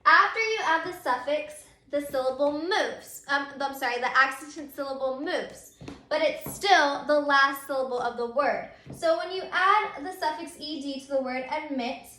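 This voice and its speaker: A woman with a bright, high voice teaches spelling rules at a moderate pace in a recorded grammar lesson, going patiently one step at a time and filling pauses with lots of ums. Her surroundings sound roomy and reverberant.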